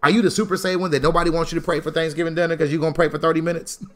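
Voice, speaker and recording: A man preaching about money and credit with a bright, forceful tone that sits a little high for a man. He drops into low asides, then bursts out loud and high. He repeats key lines for emphasis. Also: fairly even intonation, racing. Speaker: Christian financial teacher. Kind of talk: sermon-style financial talk.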